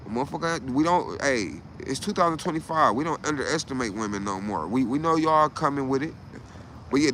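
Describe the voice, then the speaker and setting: A man's voice: mid-range voice, a bit bright, slight background noise. A man talking to his live stream viewers in a rambling, profane monologue, often tagging "right?" onto what he says. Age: adult.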